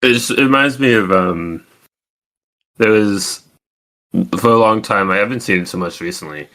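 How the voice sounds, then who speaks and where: A man's voice: on the low side, moderate pace, bright, forceful tone, rough recording. A man co-hosting a podcast in casual chat, wry and offhand. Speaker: podcast co-host and streamer.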